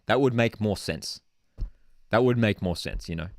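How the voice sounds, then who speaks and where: Excitable Australian man calling football live. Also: fairly low pitch, normal speed, no room sound, clean studio sound. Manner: excitable, swings between shouting and muttering, says "dude" often. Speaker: football channel host. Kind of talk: live match watchalong commentary.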